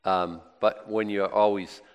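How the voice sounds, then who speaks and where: A man with a Boston accent teaches from scripture in a loose, folksy way, circling back and restarting his thoughts. His voice sits a bit low, and it carries the long reverb of a large hall. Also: steady tone, unhurried, clear, resonant tone, highs cut off. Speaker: preacher. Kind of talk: casual Bible teaching.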